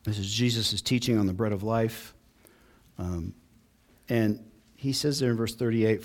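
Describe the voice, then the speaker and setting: A man's voice: lowish voice, measured pace, long pauses. A man preaching a sermon as pastor, earnest and building emphasis on key points.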